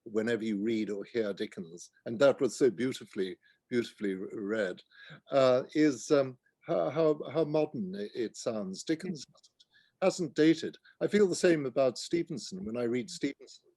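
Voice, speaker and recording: Mellow, halting male author. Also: mid-range voice, expressive, dry recording. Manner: thoughtful and halting, with many restarts. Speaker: author guest. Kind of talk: literary conversation.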